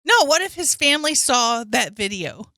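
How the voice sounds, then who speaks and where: Emotional woman with a bright, higher voice. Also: very animated, normal speed, no room sound, studio quality. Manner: earnest, emotional, near tears. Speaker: comedy podcast co-host. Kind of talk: casual comedic chat.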